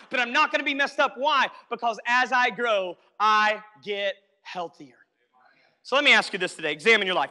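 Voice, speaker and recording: A man's voice: sits high, sharp tone. A male pastor preaching a sermon, emphatic and repetitive, often calling out to the congregation to listen. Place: church sanctuary. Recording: long hall reverb.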